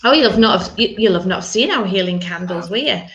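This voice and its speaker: A woman's voice: medium pitch, lively intonation, fairly quick. A woman reverend leading prayers and chatting casually with online viewers from a church room at home. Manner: chatty, warm-humored asides between prayers. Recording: dull lo-fi livestream audio.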